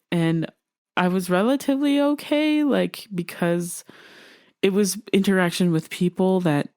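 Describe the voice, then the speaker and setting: A woman with a somewhat low voice talks openly on her podcast, earnest and unhurried, breaking into light laughs as she goes. The sound is close and dry, with no room around it. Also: a little mellow, no echo. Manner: open and earnest, laughs often, many fillers. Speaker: podcast host. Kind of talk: candid personal podcast talk.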